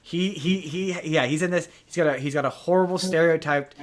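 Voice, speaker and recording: A man's voice: a little high, fairly quick, slight background noise. A man co-hosting a podcast, talking casually in a rambling way with many restarts. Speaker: podcast co-host. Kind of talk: casual chat.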